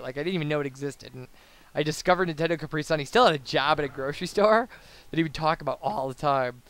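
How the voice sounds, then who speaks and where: A man's voice: on the high side, a bit bright. A young man rambling casually as a let's play commentator, babbling through tangents with lots of fillers. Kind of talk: casual post-commentary chat over gameplay.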